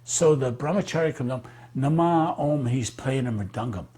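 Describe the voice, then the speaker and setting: A man telling a personal memory in an animated, halting way, with many fillers and restarts. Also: medium pitch, noisy background. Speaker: devotee recalling memories. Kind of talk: animated storytelling.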